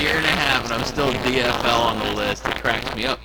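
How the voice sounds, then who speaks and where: A man's voice: mid-range voice, brisk, few pauses, very noisy. A hungover male comedian rambling sarcastically about his night and laughing at himself. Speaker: comedian vlogger. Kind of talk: casual rambling vlog monologue.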